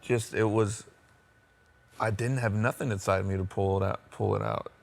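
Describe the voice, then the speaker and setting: A man's voice: fairly low pitch, fairly even intonation, moderate pace. An American man in a band, telling his story in a rambling, open way during a casual interview. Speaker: band member.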